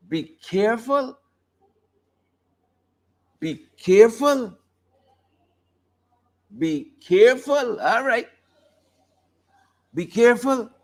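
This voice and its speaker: A man hosting a live talk show, joking and commenting on the news in a playful, casual way. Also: sits high. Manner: joking, playful, sings snippets and laughs often.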